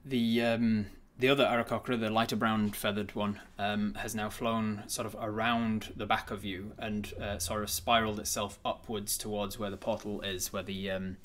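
Low-voiced, hesitant male game master. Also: flat delivery, normal speed, hardly any pauses, a bit bright. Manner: hesitant, many fillers and restarts. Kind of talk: narrating a tabletop game.

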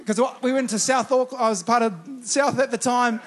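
A New Zealand man preaching with fervour, his voice sitting high for a man. He chuckles between thoughts and urges his listeners on as he speaks. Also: steady tone, fairly quick. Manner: fervent, chuckling often, rallying with "come on". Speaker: pastor. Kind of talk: sermon.

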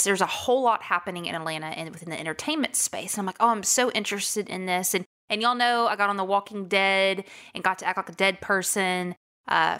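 A woman with a Texan accent hosting a solo podcast, talking to her listeners in an energetic, emphatic, casual way. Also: medium pitch. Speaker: podcast host.

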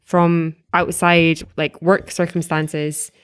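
Casting note: lower-voiced woman, relaxed chatty guest, easy laughs, lots of ums. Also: takes it slowly, smooth. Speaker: guest actress. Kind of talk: casual chat.

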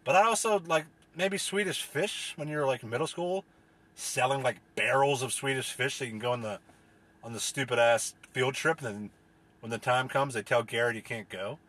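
A man's voice: medium pitch, moderate pace, fairly bright tone, husky. A man from the US delivering a profane, rambling, exasperated comedic rant as a solo podcast host.

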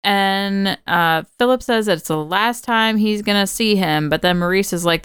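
A woman's voice: mid-range voice, moderate pace, few pauses, fairly bright tone, clean tone, no room sound. A woman co-hosting a podcast, casually recapping a film from her notes, chatty, laughing often and swearing freely. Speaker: podcast co-host. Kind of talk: casual movie recap chat.

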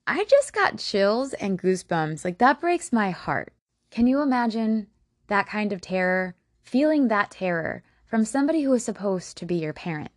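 A woman's voice: medium pitch, dry recording, studio quality. A woman hosting a podcast, narrating true crime casually, blunt and emotionally invested, swearing freely. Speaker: podcast host.

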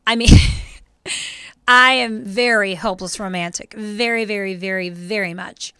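An animated woman talks through a casual faith podcast, close to tears. Her voice is bright and clear, and the recording is dry and close. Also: mid-range voice, measured pace, dry recording. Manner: emotional, animated storytelling. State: teary. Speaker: podcast co-host.

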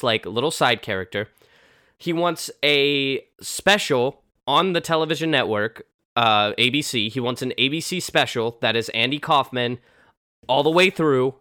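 Guy telling a story, bright edgy voice, dry close sound, chatty and animated. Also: mid-range voice, no room sound. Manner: animated, loose and chatty, lots of fillers. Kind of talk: casual storytelling.

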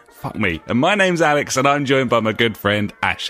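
Sweary, sarcastic English podcast host. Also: male voice, medium pitch, very animated, fairly quick, hardly any pauses, pushed and bright, soft background music. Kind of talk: casual podcast banter.

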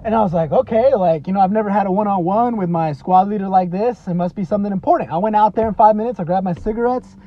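High-voiced man giving an earnest motivational podcast talk. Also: quick pace, hardly any pauses. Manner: earnest, repetitive, peppered with "you know" and "man", builds to emphatic. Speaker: podcast host. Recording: dry, slightly dull lo-fi podcast audio.

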